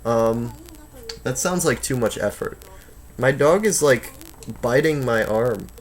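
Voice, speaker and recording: A man's voice: medium pitch, lively intonation, slow. A man in his twenties chatting casually on a live stream from home, reading chat aloud and rambling with lots of fillers and restarts. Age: 20s.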